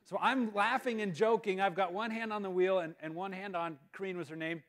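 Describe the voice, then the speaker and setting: A man giving a guest talk at a school, telling a funny personal story in an animated, self-mocking way. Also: high voice, brisk. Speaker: guest speaker. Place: school auditorium. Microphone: live-stream mic.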